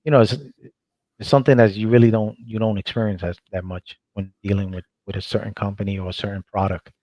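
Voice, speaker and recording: A man's voice: on the low side, fairly even intonation, fast, no room sound. A male guest on a livestream, talking casually with enthusiasm and frequent restarts. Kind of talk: casual chat. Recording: dull dry call audio.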